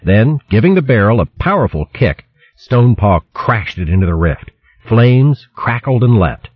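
A man narrating a fantasy adventure in a dramatic, expressive audiobook reading. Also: lowish voice, normal speed, husky, dry recording. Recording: dull lo-fi recording.

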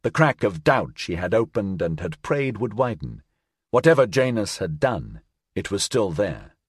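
A man narrating an audiobook with expressive storytelling. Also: on the low side, unhurried, slightly rough, dry recording, studio quality.

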